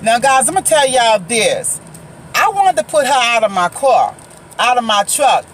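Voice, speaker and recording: A woman's voice: a little high, sing-song, measured pace, a little hiss or hum. A woman vlogger telling a story-time account into her phone, emphatic and talking straight to viewers as "guys.". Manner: emphatic, keeps addressing viewers as guys and asking their opinion. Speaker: vlogger and faith prophetess.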